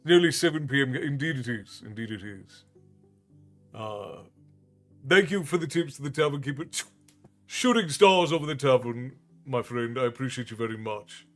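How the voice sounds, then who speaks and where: Soft background music plays as a man from Ireland, the host and storyteller of a livestream, chats casually with viewers in a mid-range voice at a fairly quick pace. He rambles in a friendly way and greets people by name.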